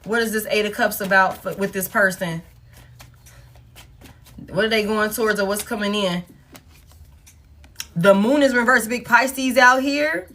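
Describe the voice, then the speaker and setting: Unhurried and sharp-toned, a medium-pitched woman reads tarot at home, leaving long pauses. Soft music plays behind her blunt, casual talk, which is heavy on swearing and repeated phrases for emphasis.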